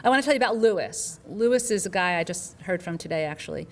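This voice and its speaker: A woman's voice: on the low side, lively intonation, fast. A middle-aged woman, a physician, earnestly telling an audience about a patient and acting out the dialogue. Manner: earnest storytelling with quoted dialogue. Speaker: physician speaker.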